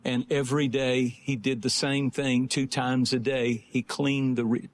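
A man preaching a sermon, swinging between fervent, rising exhortation and slow, low storytelling. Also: flat delivery. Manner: rising to impassioned shouting, then slowing to low storytelling.

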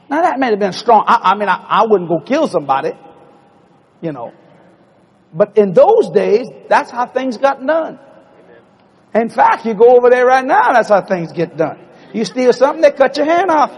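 Male preacher, folksy storyteller, raspy voice in a reverberant hall. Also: very high voice, moderate pace. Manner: folksy, animated, acts out dialogue. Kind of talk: storytelling sermon.

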